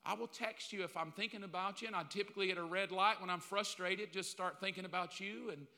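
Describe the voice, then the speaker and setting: Bright-voiced pastor in his fifties. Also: high-pitched, steady tone, fast talker. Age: 50s. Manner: candid, joking, acts out little scenes. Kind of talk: sermon. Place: large church hall. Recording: long hall reverb.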